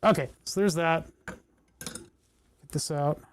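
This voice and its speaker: A man's voice: fairly high pitch, slow pace, slight background noise. A man chatting casually on a livestream while he solders, thinking aloud and talking to the parts in his hands. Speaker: electronics livestreamer.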